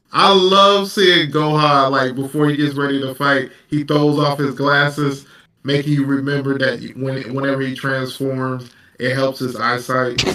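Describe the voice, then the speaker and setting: Male host, bright and laid-back, recorded a little off-mic in an echoey room. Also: mid-range voice, far from the mic. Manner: laid-back, laughing, profane. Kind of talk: casual anime discussion.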